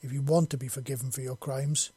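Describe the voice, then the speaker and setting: In a man's storybook reading, a fierce young alien warrior woman growls her demands. The voice is husky with a flat, even line, and the recording is dry. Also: medium pitch, a little fast, no room sound. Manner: growling, furious.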